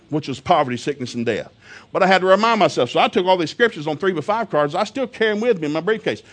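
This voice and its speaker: Folksy, laughing middle-aged preacher. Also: male voice, a little high, fairly bright tone. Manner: folksy, humorous, storytelling, laughs often. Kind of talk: sermon.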